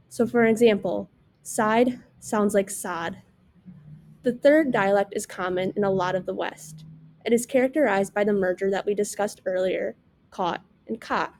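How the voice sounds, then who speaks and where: A woman's voice: mid-range voice, a little mellow. A young woman reading a class presentation aloud from a script, saying example words with care. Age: young adult. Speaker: student presenter.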